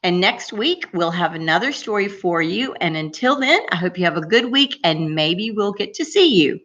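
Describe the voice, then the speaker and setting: A woman telling a story to young children, her low voice swooping up and down in a lively sing-song. She takes it slow and gently stops to ask the little ones questions. The recording sounds dull and lo-fi.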